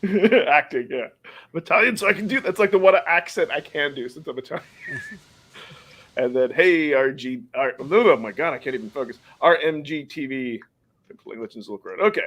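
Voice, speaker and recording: A man's voice: fairly high pitch, moderate pace, a bit bright. A man hosting a casual podcast chat, chatty and laughing often, sometimes stumbling over names. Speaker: podcast host.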